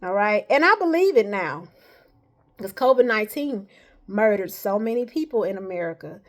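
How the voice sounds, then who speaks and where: A woman's voice: medium pitch, sing-song, normal speed. A woman talking to camera in a casual vlog, rambling and earnest, often tagging her points with "all right.". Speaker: vlogger.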